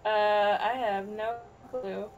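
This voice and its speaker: A woman's voice: mid-range voice, fairly even intonation, slow pace, muffled recording. A young adult woman co-hosting a comedic reading and reacting with giggles. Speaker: co-host.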